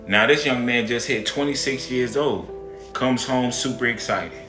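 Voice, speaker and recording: Casual guy storytelling, bright voice, echoey room, quiet guitar. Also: mid-range voice, measured pace. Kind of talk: moral storytelling narration.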